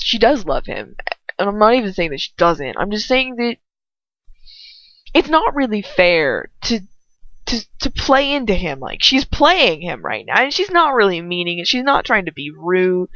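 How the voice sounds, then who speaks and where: A woman's voice: medium pitch, fairly bright tone, dry recording. A young woman reading fan fiction aloud who breaks off into blunt, rambling casual commentary, swearing freely. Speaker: fanfiction reader. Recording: dull lo-fi home recording.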